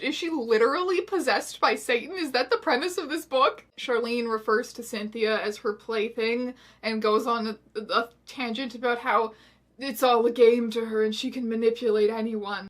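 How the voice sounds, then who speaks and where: A woman's voice: fairly high pitch, a bit bright. A woman hosting a comedic video essay, reading and reviewing a book with sarcastic, wry asides.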